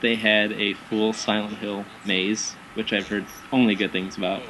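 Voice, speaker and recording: A man chatting casually as a guest, telling lively anecdotes with frequent fillers and laughs. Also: fairly low pitch, moderate pace, noisy background. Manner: animated anecdotes with acted quotes, frequent fillers. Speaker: guest, haunted house actor. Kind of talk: casual chat, storytelling.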